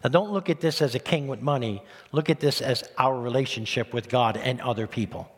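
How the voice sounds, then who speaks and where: A man preaching a sermon as pastor, animated, with rhetorical questions and rising emphasis. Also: mid-range voice, fairly quick. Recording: long reverb of a church hall.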